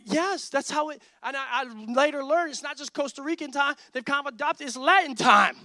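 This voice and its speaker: Male pastor, 30s, high voice, animated sermon storyteller, dry sound. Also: brisk, few pauses, no room sound. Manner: animated storytelling, acts out dialogue.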